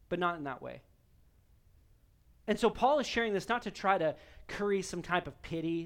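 A man's voice: high voice, animated, normal speed, pauses often, a bit bright. A male pastor preaching a sermon in an earnest, emphatic way, repeating key phrases for weight.

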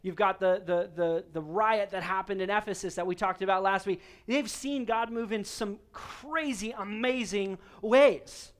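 A man with a notably high voice delivers a sermon from the pulpit. He speaks earnestly and with emphasis, hammering key lines by saying them again. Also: unhurried, hardly any pauses. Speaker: pastor.

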